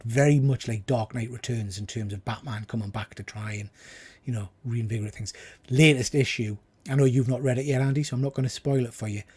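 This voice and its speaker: A man chats enthusiastically while hosting a live stream. His voice is mellow and warm rather than bright. Now and then he drops into quieter, trailing asides. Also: mid-range voice, breathy edge. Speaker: livestream host. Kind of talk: casual live chat.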